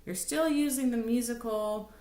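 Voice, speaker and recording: A woman cantor giving a recorded lesson, explaining patiently and thinking aloud, now and then breaking into slow sung examples. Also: a little high, warm tone, faint music behind. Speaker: cantor teaching a class. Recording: roomy, echoey room sound.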